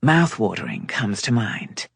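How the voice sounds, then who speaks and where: A woman reading an audiobook voices a confident, teasing young American gentleman with a raspy edge. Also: very deep voice, wildly swooping pitch, measured pace, no room sound, exaggerated voice. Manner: easy, teasing.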